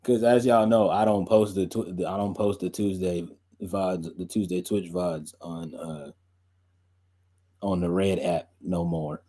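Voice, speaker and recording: Young male podcast host, low and warm, rambling chatty delivery full of "like"s. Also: steady tone, measured pace. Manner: loose and chatty, many fillers, laughs often. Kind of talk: casual rambling chat.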